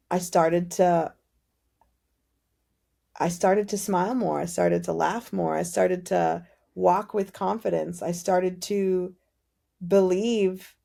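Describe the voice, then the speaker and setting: A woman guest on a podcast, telling her faith story in casual, animated conversation and acting out the dialogue. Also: fairly low pitch, slow, creaky, pauses often. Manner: animated storytelling, many "like" fillers, acts out dialogue. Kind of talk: personal testimony in casual conversation.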